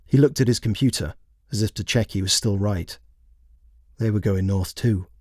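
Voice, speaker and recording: Low-voiced man narrating a story. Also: animated, darkish tone, no echo, clean studio sound. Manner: measured, plain storytelling. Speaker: author and narrator.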